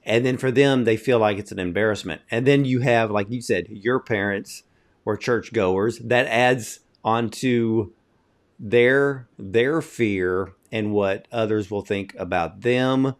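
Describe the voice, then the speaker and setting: A man hosting a film interview, asking questions and commenting in a thoughtful, measured, affirming way. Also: fairly low pitch. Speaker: interviewer, film show host.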